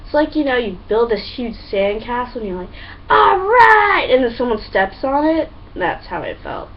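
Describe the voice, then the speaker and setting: A young woman tells stories to camera in an excitable, chatty rush, her voice sitting a little high. She sounds a bit off-mic, and the recording is dull and lo-fi with a faint hum underneath. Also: moderate pace, recorded from a distance. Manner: chatty and excitable, full of fillers and acted-out quotes. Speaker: vlogger. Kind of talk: casual storytelling to camera.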